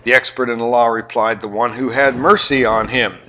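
Bright-voiced older Southern pastor. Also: male voice, mid-range voice, normal speed, a little hiss or hum, rough recording. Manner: animated, joking with the congregation. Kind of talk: sermon.

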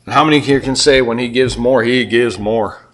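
An older pastor preaches a sermon at a moderate pace in a medium-pitched voice, peppering the congregation with questions. He alternates between loud, emphatic statements and quiet asides.

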